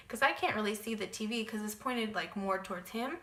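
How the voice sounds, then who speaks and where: Bright-voiced young woman vlogger, echoey room. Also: medium pitch, fast, a little hiss or hum. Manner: chatty, lots of "like" and "um" fillers. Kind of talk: casual story-time vlog.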